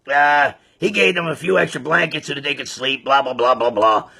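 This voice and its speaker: A man's voice: mid-range voice, fairly quick, gravelly, bright, forceful tone. A man casually telling a crude, rambling joke, full of fillers. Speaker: joke teller. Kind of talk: casual storytelling.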